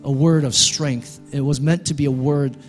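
A male pastor preaching a sermon, building to loud, emphatic peaks and dropping quiet again. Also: mid-range voice, fairly even intonation, moderate pace, soft background music.

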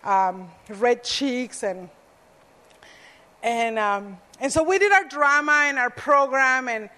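A woman's voice: on the high side, takes it slowly, sharp tone. A woman preacher telling a personal story in a sermon, earnest, with self-deprecating asides. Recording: echoey hall reverb.

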